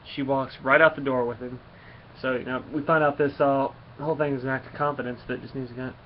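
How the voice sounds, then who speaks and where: A man's voice: mid-range voice, level tone, fairly quick. A man casually reviewing a comic book and retelling its story in a rambling way, with many fillers. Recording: slightly muffled, faint background hum.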